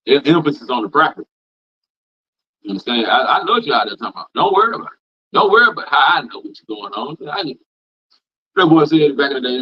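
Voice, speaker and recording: A man's voice: mid-range voice, lively intonation, fast, pauses often, breathy edge. A man preaching an informal scripture class, reading verses and riffing on them in a folksy, repetitive vernacular. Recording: dull lo-fi sound.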